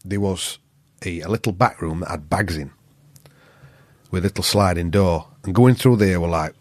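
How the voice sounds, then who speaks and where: A man's voice: low-pitched, moderate pace, no room sound. A man from the north of England with a Yorkshire accent, telling a long story as a podcast guest, swearing freely and acting out what people said. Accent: Yorkshire English. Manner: swears freely, animated storyteller who acts out quotes. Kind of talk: casual storytelling.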